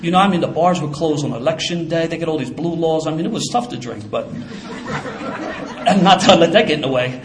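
A man telling a brisk, lively story from Philly. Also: fairly high pitch. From Philadelphia. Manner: lively, casual storyteller with street slang. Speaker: former police officer. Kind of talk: personal storytelling.

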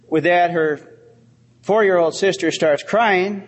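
A middle-aged man shares his recovery story at a meeting, sincere and wry by turns. His voice sits a little high. A long hall reverb trails each phrase. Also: measured pace. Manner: storytelling, heartfelt with dry humor. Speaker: AA speaker. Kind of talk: recovery talk.

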